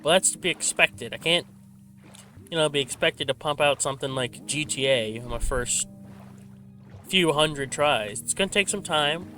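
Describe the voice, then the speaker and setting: A man's voice: on the high side, moderate pace, pushed and bright, faint music behind. A man hosting a laid-back gaming channel, rambling and self-correcting with a slight stutter, into a desk microphone. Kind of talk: laid-back rambling commentary while playing. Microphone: desk microphone with a simple filter.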